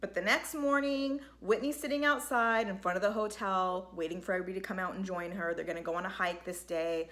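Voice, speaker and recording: A woman's voice: mid-range voice, steady tone, a little fast, hardly any pauses, a bit bright. A woman casually recapping a reality show, rambling and exasperated, often slipping into quoted voices.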